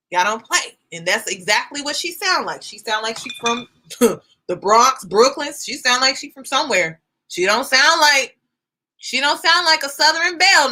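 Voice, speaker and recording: Bright high-voiced woman streamer. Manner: chatty, shouts out viewers, exclaims. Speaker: YouTube host reacting live. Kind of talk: casual live-stream reaction chat.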